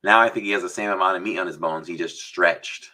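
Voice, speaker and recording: A man's voice: deep voice, steady tone, fast talker, pushed and bright. A man hosting a casual livestream chat, rambling and chatty, sometimes slipping into an announcer voice. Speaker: livestream host.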